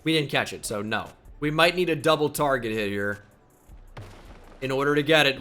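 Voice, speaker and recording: A man's voice: medium pitch, expressive, moderate pace, a bit bright, soft background music. A man commenting casually on a football video game as he plays, swinging between cheering and muttering. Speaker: gaming YouTuber.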